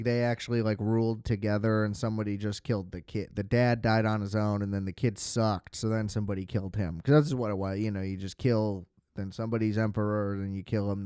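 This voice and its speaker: A man's voice: on the low side, darkish tone, smooth, no echo, studio quality. A man hosting a podcast, reviewing films in a rambling, sarcastic monologue full of fillers and swearing. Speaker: podcast host. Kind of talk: casual film review monologue.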